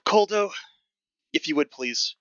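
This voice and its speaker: A man voicing an amused, confident man who commands a ship in a tabletop game, drawling slowly and wryly. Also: a little high, expressive, fairly bright tone, clear, resonant tone, no room sound, pitched above the performer's own voice. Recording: dull lo-fi dry mic.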